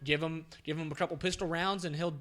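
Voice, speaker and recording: A man's voice: on the high side, steady tone, fast, fairly bright tone. A man co-hosting a podcast, talking emphatically in casual chat, swearing and repeating himself. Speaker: podcast co-host.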